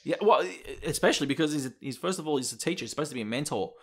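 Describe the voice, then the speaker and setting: A man co-hosting a casual gaming podcast, animated and swearing freely as he acts out quotes. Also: a little high, rapid-fire. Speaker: podcast co-host.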